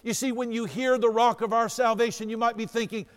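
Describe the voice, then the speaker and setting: High-voiced preacher in a reverberant hall. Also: male voice, fairly even intonation, a little fast. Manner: storytelling preacher, rising to emphatic declarations. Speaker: pastor. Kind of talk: sermon. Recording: long reverb of a large room.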